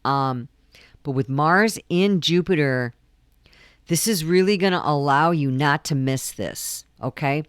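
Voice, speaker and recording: A woman's voice: low-pitched, measured pace, smooth, dry recording, clean studio sound. A woman astrologer talking through a full moon forecast in a casual, earnest way, often repeating her key points between ums.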